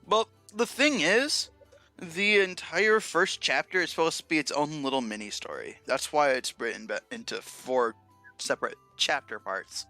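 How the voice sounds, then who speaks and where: A man's voice: mid-range voice, sharp tone. A young man chatting casually on his writing livestream, laid-back and often laughing at himself. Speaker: streamer and writer.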